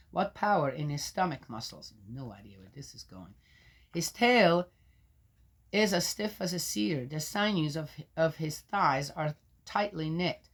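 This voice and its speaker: Woman, low-ish voice, scripture reader who argues with the text, loud readings, muttered asides. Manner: interrupts herself with doubting, argumentative remarks. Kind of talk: reading aloud with skeptical asides.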